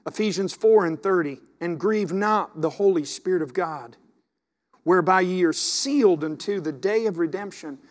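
A man preaching a sermon as pastor, swinging from hushed asides to loud, impassioned exhortation. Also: high voice, normal speed.

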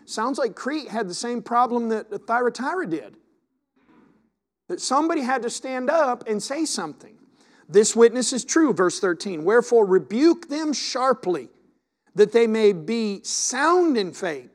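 A male pastor preaches a sermon, reading scripture aloud, asking his congregation questions, and repeating words as he restarts sentences. His voice is extremely high-pitched, with lively intonation and a measured pace.

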